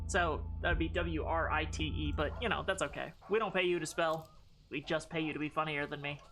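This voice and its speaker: A woman's voice: low voice, normal speed, a bit bright, faint music behind. A woman streaming a game, chatting casually with a playful, sarcastic manner and loose swearing. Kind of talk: casual gaming stream chat.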